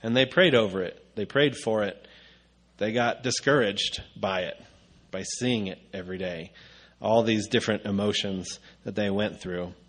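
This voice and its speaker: A man's voice: on the low side, normal speed, a bit bright. A man preaching a conversational sermon, casual and rambling with frequent filler sounds.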